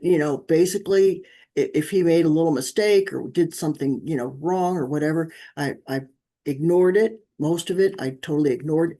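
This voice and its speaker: Warm-voiced woman telling animated stories. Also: sits low. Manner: animated storyteller, acts out quoted dialogue. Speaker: guest, parenting author. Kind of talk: conversational interview.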